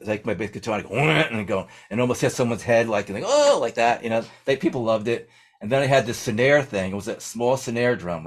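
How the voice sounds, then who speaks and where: Rambling man in his sixties telling stories. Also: mid-range voice. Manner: rambling, full of "you know" and "like", acts out quotes. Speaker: guest musician. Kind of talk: casual storytelling in an interview.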